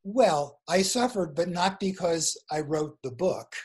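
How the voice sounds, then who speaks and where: A man's voice: fairly high pitch, lively intonation, a little slow, a little mellow, husky. A man being interviewed as an author over a video call, telling a story in a chatty, laughing way. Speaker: guest author. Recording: video call audio over weak wifi.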